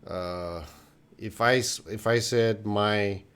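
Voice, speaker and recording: A man's voice: lowish voice, slow pace, a bit bright, clean tone. A man teaching English on a live stream, answering viewers' questions with patient explanations and example sentences.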